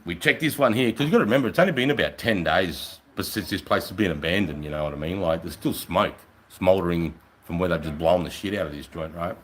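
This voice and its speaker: An Australian man, a middle-aged army veteran, telling war stories on a live stream in a casual, profane, animated way. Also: low-pitched, fast, poor audio. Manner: profane, animated, acts out voices. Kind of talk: casual storytelling.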